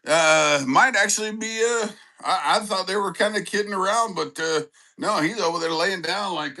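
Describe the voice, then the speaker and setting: A man hosting a casual live stream with his dog, chatting with viewers by name and breaking into excited shouts. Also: sits high, poor audio. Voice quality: halting, many fillers and restarts. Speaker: livestream host with his dog.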